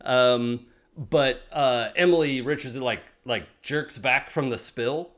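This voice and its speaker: A man's voice: medium pitch, takes it slowly, fairly bright tone. A young adult man narrating a tabletop role-playing game as game master, with many fillers and restarts.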